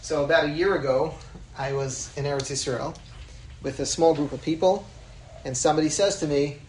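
A man's voice: on the high side, steady tone, a little fast, echoey room, a little hiss or hum, poor audio. A middle-aged man, a rabbi, giving a Torah class in a conversational storytelling manner, mixing in Hebrew terms. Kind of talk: Torah lecture with personal storytelling.

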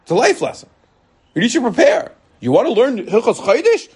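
A middle-aged man, a rabbi, giving an animated Torah lecture full of stories and bursts of emphasis. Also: extremely high pitch, a little fast, slightly rough. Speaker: rabbi teaching a Torah class.

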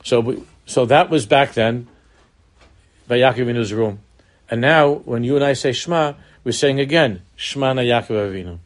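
A man teaches Torah in an earnest, explaining tone. His voice sits at an ordinary middle pitch. He often repeats words and lifts his voice to stress a point. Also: moderate pace. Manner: earnest, repeats words, mixes Hebrew terms into English, rises in emphasis. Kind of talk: Torah lecture.

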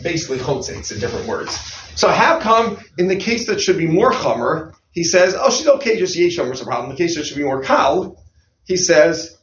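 A man teaching a study class on religious law, animated and questioning, often putting questions to his students. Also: high-pitched, brisk, roomy sound, a little hiss or hum. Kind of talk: halacha study lecture.

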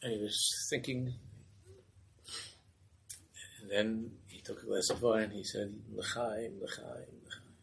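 A man telling a Hasidic story as a sermon, animated and acting out the voices. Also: lowish voice, slow pace, creaky, long pauses, slight background noise, poor audio.

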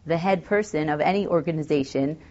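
A woman's voice: low-pitched, fairly quick, a little mellow, dull audio. A woman teaching a text study class, thinking aloud with fillers and reading Hebrew verses. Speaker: Torah teacher.

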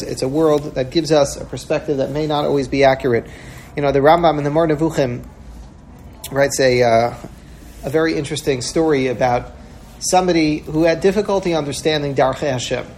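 A man's voice: medium pitch, darkish tone, slight background noise. A man giving a sermon-style talk, telling a parable with earnest feeling and acting out the voices in it. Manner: earnest storyteller, acts out quoted voices.

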